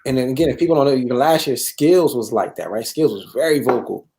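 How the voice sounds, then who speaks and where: A man hosts a live gaming talk show, rambling, repeating himself, and tacking "bro" and "right?" onto his lines. His mid-range voice is quick and a little mellow in this casual chat.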